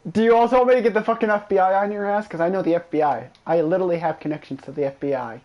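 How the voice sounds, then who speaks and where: In a high voice and at a very fast pace, a man streams a video game over lo-fi sound. He trash-talks a friend with heavy swearing, the casual gameplay commentary delivered in a profane, excitable manner.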